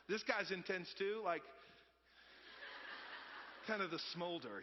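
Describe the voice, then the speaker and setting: Man, 30s, pastor, chatty sermon, high voice, muffled recording. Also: lively intonation, moderate pace, long pauses, slight background noise. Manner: conversational storytelling, swinging between loud and hushed. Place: church sanctuary. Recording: dull sound with long reverb.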